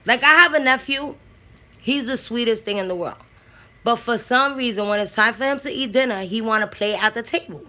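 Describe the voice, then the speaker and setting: A woman in her thirties from the Bronx, talking about raising kids in a blunt, profane, animated way. Her New is strong, her voice sits a bit high, and it has a bright, forceful edge. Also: fairly quick. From the Bronx, New York. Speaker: mother and aunt sharing opinions. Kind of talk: casual talk.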